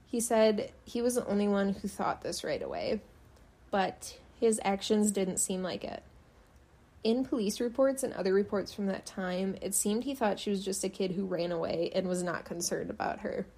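A young woman telling a true-crime case in a loose, chatty way, full of "like" and "um". Her voice is mellow and warm rather than bright. She slips into dry sarcasm when something strikes her as wrong. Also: medium pitch, lively intonation, moderate pace, husky. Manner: sarcastic, chatty, frequent fillers. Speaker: podcast host. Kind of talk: casual true-crime narration.

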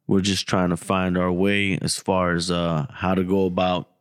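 Profane, animated male podcast co-host. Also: normal speed, clear, resonant tone, no echo, studio quality. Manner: animated, profane, gets loud and high when acting out the story. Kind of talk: casual storytelling chat.

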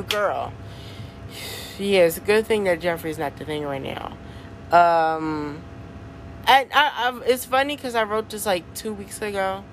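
A woman's voice: mid-range voice, a bit bright. Young woman podcaster, casual slangy chatter with easy laughs, faint noise underneath. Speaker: podcast host. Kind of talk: casual solo podcast chat.

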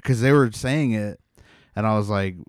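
A man's voice: fairly low pitch, moderate pace, smooth, no room sound, clean studio sound. A man chatting casually and telling a childhood story, full of fillers, swearing and laughter. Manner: laid-back, lots of fillers, swearing, laughs while telling stories.

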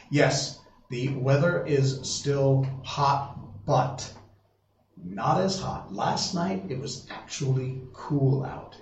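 A man's voice: medium pitch, a little mellow. A man hosting a live stream in casual chat, rambling, restarting his sentences and reading viewer comments aloud. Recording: roomy, distant, dull lo-fi sound with faint noise.

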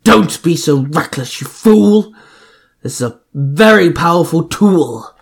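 A man's voice: medium pitch, a little slow, a little mellow, natural voice. A man voicing an arrogant god-king villain who scolds and commands. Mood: scornful. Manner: scornful, commanding.

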